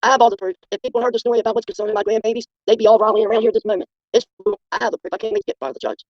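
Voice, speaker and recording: A middle-aged or older guest on a casual livestream, emphatic and defensive, who talks in rushes. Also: medium pitch, steady tone, no echo. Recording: muffled lo-fi stream audio.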